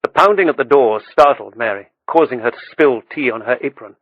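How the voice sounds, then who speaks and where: A man reading an audiobook with steady, measured storytelling. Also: medium pitch, dry recording, phone-quality sound. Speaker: audiobook narrator. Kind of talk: scripted audiobook narration.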